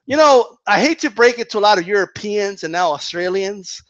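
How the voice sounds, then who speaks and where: A man ranting about boxing in a sarcastic, animated way, swearing constantly and laughing often. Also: sits high, a little fast, dry recording, dull audio. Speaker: boxing commentator. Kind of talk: profane ranting monologue.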